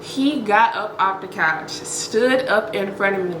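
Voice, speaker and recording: A woman's voice: medium pitch, a little slow, echoey room, background noise. A young woman vlogger telling a dramatic personal story straight to her viewers, blunt and profane.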